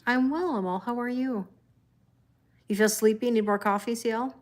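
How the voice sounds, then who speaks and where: A woman's voice: a little high, moderate pace. A middle-aged woman hosting a casual tarot live stream at home, chatting and greeting viewers by name, laughing often. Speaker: tarot reader livestream host.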